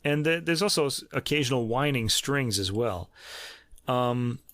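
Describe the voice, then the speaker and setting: Podcast host, man in his fifties, New York accent, mid-pitched, rambling and hesitant, dry close sound. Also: expressive, a little slow, a bit bright, dry recording. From New York City. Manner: chatty, hesitant with many ums and restarts, laughs often. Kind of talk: casual music review chat.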